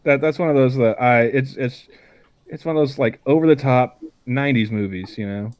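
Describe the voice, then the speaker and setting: A man's voice: medium pitch, normal speed, a little mellow. A young man co-hosting a podcast, rambling in casual chat and often stammering and restarting his sentences. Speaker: podcast co-host.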